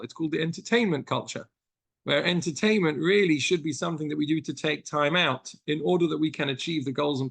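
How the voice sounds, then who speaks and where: This British man's voice sits on the high side, gravelly and a bit bright. Acting as a rabbi, he leads a text study class, reading passages aloud and explaining them earnestly through stories.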